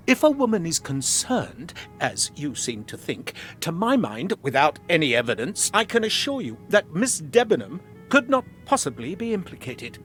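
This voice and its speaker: An actor playing a stiff British army captain who answers in a clipped, defensive manner. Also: male voice, a little high, a bit bright.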